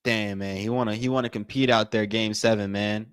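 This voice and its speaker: A man's voice: on the low side, fairly even intonation, brisk, clean tone, no echo. A man hosting a live watch party stream, giving loose play-by-play commentary and talking straight to his viewers. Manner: casual, repetitive, addresses viewers as y'all.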